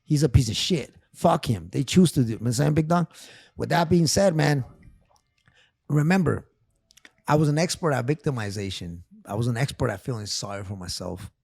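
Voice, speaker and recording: A man's voice: mid-range voice, creaky, a little mellow, no echo. A man guest telling a personal story on a casual podcast, emotional and profane, repeating phrases. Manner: repeats phrases, calls host big dog. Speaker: therapist guest.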